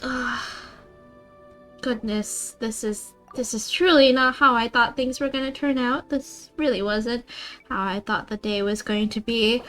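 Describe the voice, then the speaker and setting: A woman's voice: fairly high pitch, slow, pauses often, faint music behind. A woman streaming a game, chatting casually with her viewers in a playfully dramatic way, sometimes dropping into a half-whisper. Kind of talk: casual live-stream chat while gaming.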